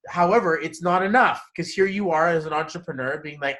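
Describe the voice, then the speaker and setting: A man giving a casual one-on-one numerology reading, animated and quick to laugh. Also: on the high side, low-quality recording. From Canada. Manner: animated, laughs often, acts out inner voices. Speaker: numerology consultant.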